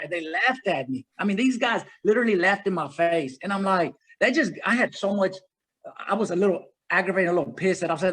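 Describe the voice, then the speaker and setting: A man in his forties, an ultrarunner guest, telling his story in a rambling, energetic way. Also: high voice, fast talker, rough recording. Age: 40s. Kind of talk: casual interview conversation.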